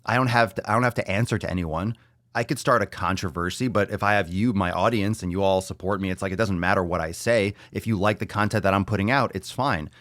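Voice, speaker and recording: With a deep, fairly bright voice, this man talks fast in studio-quality audio without room sound. He hosts a podcast solo, ranting bluntly and sarcastically, swearing plenty, and repeating himself for emphasis before moving on to audience questions.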